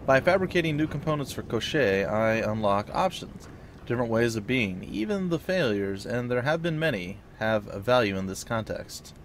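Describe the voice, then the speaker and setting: A man voicing a cultured, pleasant middle-aged male drone engineer in a video game, speaking in a polite, measured way. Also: medium pitch, animated, slight background noise, lightly acted. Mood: courteous.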